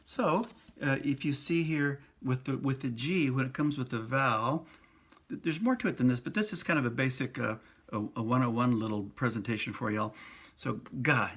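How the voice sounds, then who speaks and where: Husky man slowly sounding out syllables. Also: medium pitch, a bit bright. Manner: slow, patient, repeats and sounds out syllables. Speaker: priest teaching Spanish pronunciation. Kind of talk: casual pronunciation lesson.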